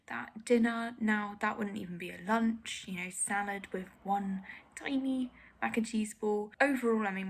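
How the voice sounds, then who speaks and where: A young woman vlogger reacts to her own old clips in a casual, self-critical way. Her voice has a gravelly fry and a husky edge, and she often sinks to a near whisper. Her pitch sits in the middle for a woman.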